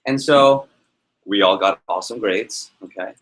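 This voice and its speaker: A man's voice: lowish voice, measured pace, noisy background. A man leading a live sales workshop to an audience in a meeting room, telling stories and asking the room questions. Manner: energetic, storytelling, asks the audience questions. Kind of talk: live motivational workshop talk.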